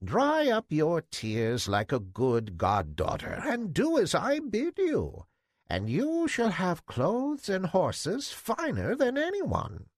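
Man putting on a croaking old fairy godmother. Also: huge pitch swings, no room sound, clean studio sound, full character voice. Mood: kindly. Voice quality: feeble, croaking. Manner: slow, drawn-out, high-pitched. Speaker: storybook figure.

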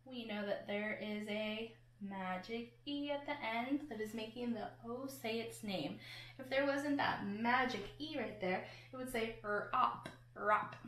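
A woman's voice: fairly high pitch, a little slow. A woman teacher giving a patient phonics lesson to children, sounding out words and letters one at a time. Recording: echoey room.

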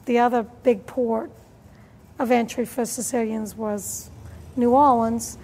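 A woman's voice: a little high, steady tone, takes it slowly, a little mellow, slight background noise. A woman explaining her thoughts in an interview. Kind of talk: casual conversation. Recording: reverberant room.

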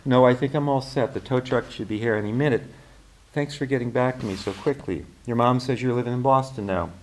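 A man's voice: mid-range voice, brisk, close to an everyday voice. A man reading the lines of a shaken middle-aged woman who has just been in a car accident, in his own plain voice.

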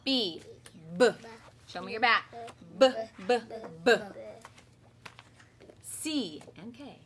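A woman in her thirties, a kindergarten teacher, reading a picture book aloud to children with lively voiced storytelling, then leading a home class. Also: on the high side, slow pace.

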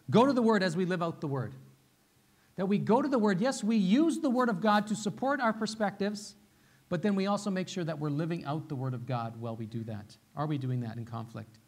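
A male pastor with a fairly high voice delivers a sermon in a relaxed, conversational style. He repeats his key phrases and keeps asking his listeners "right?" as he goes. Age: young adult to middle-aged, father of a little one. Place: church sanctuary.

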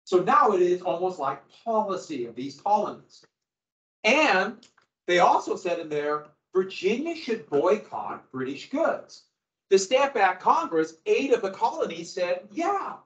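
A man teaching a history class, lecturing in an animated way and quizzing his students as he goes. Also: high-pitched, a little slow. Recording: echoey room, dull lo-fi sound.

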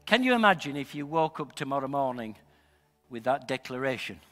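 A male pastor from Northern England preaching a sermon in a church hall, emphatic and building to loud, shouted declarations. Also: medium pitch, big pitch swings, brisk, soft background music. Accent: Northern English. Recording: long hall reverb.

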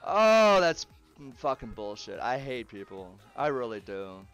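A man's voice: fairly low pitch, moderate pace, faint music behind. A man streaming a game live, swearing, groaning in frustration and laughing between outbursts. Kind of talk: live gaming stream chatter.

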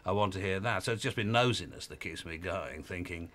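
A man in his fifties muses in a wry, rambling, self-deprecating way. His voice sits very low yet has a bright, forward edge. It is an archive interview with a radio DJ. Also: brisk. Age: 50s.

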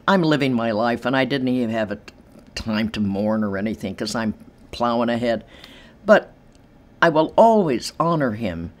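An older woman telling stories in an interview from her apartment, animated and acting out the voices of others. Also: rumbling low. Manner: animated, acts out quoted voices, laughs easily. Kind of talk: storytelling in an interview. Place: large empty room in her apartment.

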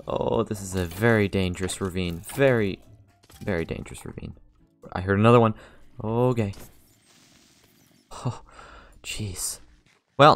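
Excitable man narrating his gameplay. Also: lowish voice. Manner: excitable, gasps and laughs often, talks to viewers. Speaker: let's play host. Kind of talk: casual gaming commentary.

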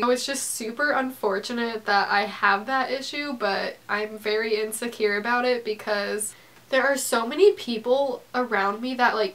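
A woman's voice: a little high, a bit bright. A seventeen-year-old girl talking candidly in a confessional vlog, earnest and full of "like". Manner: earnest, fillers of "like". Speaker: vlogger.

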